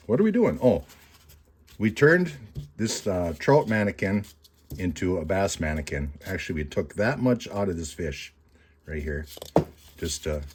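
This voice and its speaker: A low-voiced man gives a casual, rambling taxidermy tutorial from his workshop, with noise in the background. He's folksy and self-mocking, mixing jokes into the how-to.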